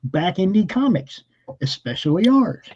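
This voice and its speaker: A man hosting a live talk show, energetic and promotional, often laughing. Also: sits high, normal speed, very noisy. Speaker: host. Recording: lo-fi live stream audio.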